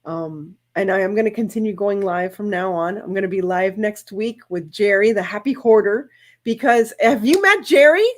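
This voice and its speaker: A woman's voice: mid-range voice, moderate pace. A woman hosting a casual craft live-stream, chatting in a rambling, heartfelt way. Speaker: crafting channel host.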